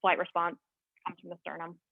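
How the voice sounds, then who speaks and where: A young woman at an open mic, reading poems aloud with earnest, halting asides between them. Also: lowish voice, monotone, husky. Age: young adult. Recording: tinny phone-like sound.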